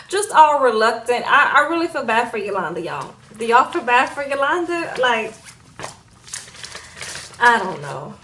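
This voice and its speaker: A woman's voice: very animated, unhurried, sharp tone, a little hiss or hum, poor audio. Chatty woman vlogger recapping a show. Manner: chatty, acts out quotes in higher voices, frequent fillers. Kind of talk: casual chat recapping an episode.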